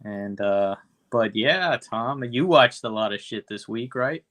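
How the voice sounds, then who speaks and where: Bright-voiced profane podcast man. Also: mid-range voice, expressive, a little slow. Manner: profane, rambling, acts out quoted voices. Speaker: podcast co-host. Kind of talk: casual podcast chat.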